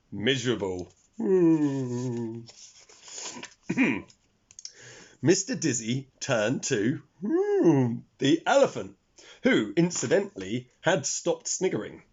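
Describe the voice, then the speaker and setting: A man reading a children's story aloud, expressive and speaking to young listeners. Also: medium pitch, takes it slowly, slightly rough. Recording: dull lo-fi recording.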